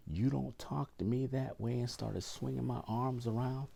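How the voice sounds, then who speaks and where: A man's voice: medium pitch, expressive, moderate pace, creaky, few pauses, warm tone, breathy edge. A man hosting a podcast, telling a personal story in an indignant, emphatic way and acting out what others said. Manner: indignant, emphatic, acts out quoted lines. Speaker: podcast host.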